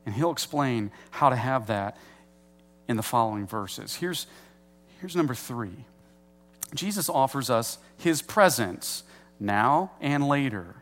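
A middle-aged pastor preaching a sermon in a conversational way, slowing down to stress key words. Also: male voice, mid-range voice, lively intonation, fairly bright tone.

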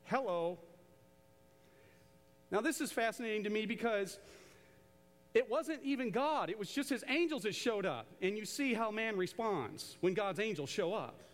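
A man preaching a sermon to a church congregation, animated and conversational, drawing the crowd into call-and-response. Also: high voice, moderate pace, long pauses, in a large hall. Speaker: pastor. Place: large church auditorium.

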